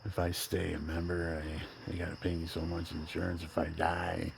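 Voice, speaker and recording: A man in his seventies talking in a rambling personal monologue, drifting between loud outbursts and near-whispers. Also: low voice, monotone, normal speed, creaky, background noise. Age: 70s. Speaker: vlogger.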